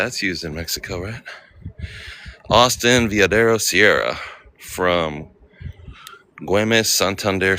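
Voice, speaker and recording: Deep-voiced guy livestreaming outside, bright edge to his voice, bit of hiss behind. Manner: chatty, reads names aloud, greets viewers. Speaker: vlogger. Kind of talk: casual livestream walk-and-talk. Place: outdoor cemetery.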